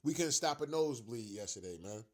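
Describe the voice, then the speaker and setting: A man's voice: mid-range voice, expressive, fairly quick, darkish tone. A young man, a fan commentator, delivering a heated, profane rant about his team's loss, repeating himself for emphasis.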